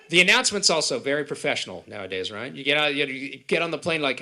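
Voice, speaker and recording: A man from Israel performing a stand-up comedy set at a live event, with punchy delivery and quick put-on voices. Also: fairly high pitch, sing-song, pushed and bright. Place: event hall with live audience.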